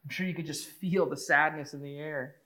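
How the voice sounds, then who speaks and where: A man retelling a Bible story in an emotive, conversational way, moving from hushed to excited. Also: a little high, brisk, rough recording.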